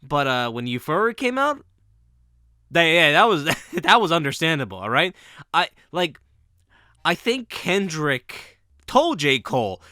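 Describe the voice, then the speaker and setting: A man giving casual vlog commentary, animated, laughing often and swearing casually. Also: fairly high pitch, unhurried, no echo, studio quality.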